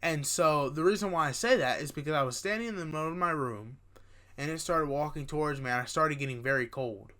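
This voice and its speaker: A man's voice: fairly high pitch, fairly quick. Tired young man telling a story. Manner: animated, rambling with restarts and asides. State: tired, yawning. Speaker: vlogger. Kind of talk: casual storytelling to camera.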